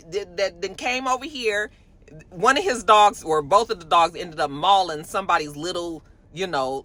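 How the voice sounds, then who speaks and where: Lady ranting on her show, bright sharp voice, cussing a lot, goes from muttering to loud high exclaims. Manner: animated and profane, swings from low mutters to high exclamations. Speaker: host. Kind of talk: casual commentary.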